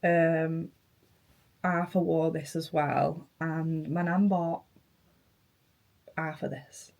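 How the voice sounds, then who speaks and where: A young woman vlogging casually, emotional and halting, her voice hoarse from flu and tonsillitis, sometimes dropping to near-whispers. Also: low-pitched, fairly even intonation, darkish tone. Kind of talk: casual vlog chat.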